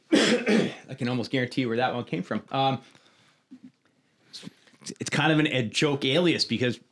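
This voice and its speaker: A man's voice: medium pitch, animated, normal speed. Profane man telling stories. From Canada. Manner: profane, rambling storyteller. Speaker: podcast host and martial arts coach. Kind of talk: casual podcast chat.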